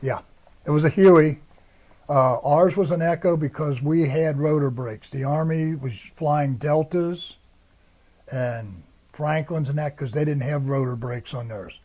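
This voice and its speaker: A man's voice: fairly high pitch, unhurried, darkish tone. Older American man telling war stories. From United States. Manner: rambling storyteller acting out quoted dialogue. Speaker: interviewee, Marine veteran. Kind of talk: oral history interview.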